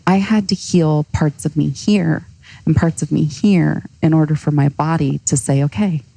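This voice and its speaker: A woman's voice: low voice, moderate pace, creaky, warm tone, no echo, low-quality recording. An earnest, heartfelt woman, a coach, speaking as a podcast guest. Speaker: guest, cold-exposure coach. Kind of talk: podcast interview.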